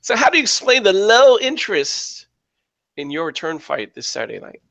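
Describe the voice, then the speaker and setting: A man's voice: high voice, very animated, normal speed, creaky, a bit bright, no echo. A man co-hosting a podcast, asking questions in a playful, teasing casual chat. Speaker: podcast co-host.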